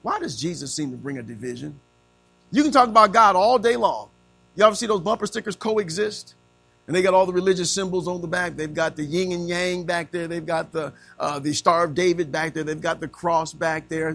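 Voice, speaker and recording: A man's voice: high-pitched, creaky, a bit bright. A man preaching a sermon, quizzing his congregation in call-and-response style.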